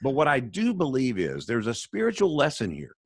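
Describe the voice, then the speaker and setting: A man's voice: medium pitch, huge pitch swings, fairly quick, husky, no room sound, clean studio sound. A man who speaks for a charity, talking on a video call in an earnest, sermon-like storytelling way. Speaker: charity spokesman, radio guest.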